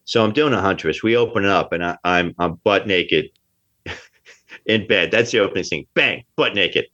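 A man's voice: sits low, moderate pace, bright, forceful tone. A man from New Jersey, an actor being interviewed, talking emphatically and often repeating himself. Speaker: actor guest. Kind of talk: casual interview talk. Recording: dull lo-fi sound.

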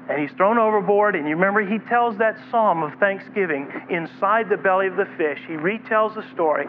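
A man's voice: high voice, a little fast, hardly any pauses. A man preaching a sermon, retelling a scripture story and voicing its figures. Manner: preaching with acted quotes of God and Jonah. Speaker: pastor. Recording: tinny phone-like broadcast with faint hiss.

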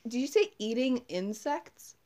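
Woman podcast co-host, slightly high voice, quick reactions, on a video call. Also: sing-song, dark tone. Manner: short reactions and interjections. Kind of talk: casual chat, listening and reacting.

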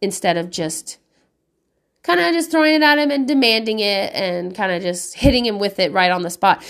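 A woman's voice: mid-range voice, expressive, normal speed, vocal fry, a bit bright. A woman in her thirties, a mother of five, giving candid parenting advice in a casual monologue, swearing freely and laughing often.

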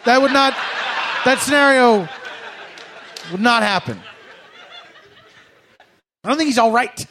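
A man's voice: very high-pitched, animated, normal speed, long pauses, fairly bright tone, slight background noise. A man doing a comic monologue, sarcastic and mock-formal, often laughing as he talks. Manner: laughs through his words. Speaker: comedian.

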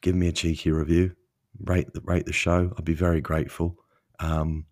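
A man's voice: deep voice, flat delivery, moderate pace, a little mellow. A young man hosting a solo motivational podcast, rambling and self-deprecating but encouraging. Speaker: podcast host.

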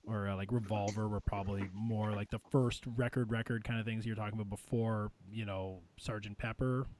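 A man's voice: fairly low pitch, steady tone, a little fast, darkish tone. A man hosting a casual music podcast, talking in a rambling way with lots of fillers and easy laughter. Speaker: podcast host ranking albums. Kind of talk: casual chat.

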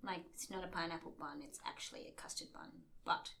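A woman in casual chat, reacting chattily with quick replies. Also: on the low side, gravelly, pushed and bright.

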